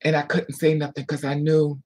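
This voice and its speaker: A vlogger telling a painful personal story in a candid, emotional way, sometimes dropping to a hush, and answering viewer comments aloud. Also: mid-range voice, completely flat delivery, moderate pace, husky, rough recording. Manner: emotional, candid storytelling with frequent hushed asides. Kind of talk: casual story time monologue.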